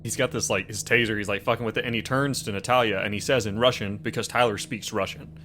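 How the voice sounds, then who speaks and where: Man player, low voice, rambling with fillers, laughs a lot, faint music behind. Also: steady tone, fast, sharp tone. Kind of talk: casual in-character tabletop play.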